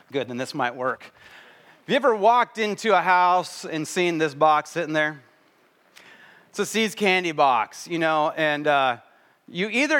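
A man preaching a sermon at a church service in a relaxed, joking way, acting out little voices. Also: fairly high pitch. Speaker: pastor.

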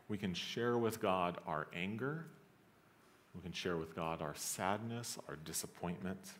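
A man preaching a sermon as pastor, speaking earnestly and conversationally. He acts out scripture lines with rising intensity and drops to a soft, low voice on somber passages. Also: expressive, slow pace, pauses often, a little hiss or hum.

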